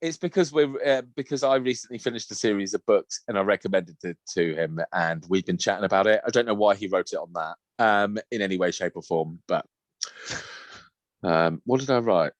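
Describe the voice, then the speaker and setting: A man's voice: on the low side, fairly quick, dry recording. A man co-hosting a casual podcast chat over a video call, laughing often, swearing freely and reading listener messages aloud. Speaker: podcast co-host.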